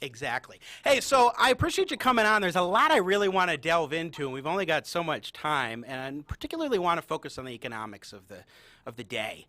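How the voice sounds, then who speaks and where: A man's voice: a little high, big pitch swings, fast, pushed and bright, no echo. A young adult man hosting a talk show in an upbeat, enthusiastic way. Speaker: host.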